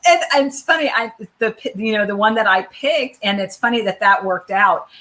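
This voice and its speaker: Bright, chatty woman hosting a talk show. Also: medium pitch, moderate pace. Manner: chatty and expressive, acts out quotes with laughter. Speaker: show host. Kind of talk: casual interview chat.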